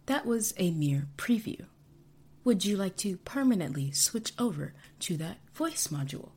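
A woman voicing a calm, polite male AI assistant in a whispered role-play, with formal, courteous phrasing. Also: medium pitch, moderate pace, breathy edge.

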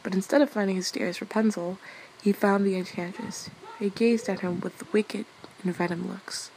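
A young woman reads a fairy tale aloud as a bedtime story in a soft, casual way. Her voice sits at an ordinary middle pitch, and she laughs lightly at her own slips. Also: fairly even intonation, moderate pace, slight background noise, low-quality recording.

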